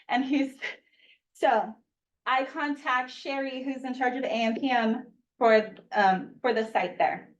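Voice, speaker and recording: A woman's voice: fairly high pitch, highs cut off. Emotional mother at a distant podium mic. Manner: emotional, earnest, rushed at times. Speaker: parent speaking at public comment. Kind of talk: public comment at a school board meeting.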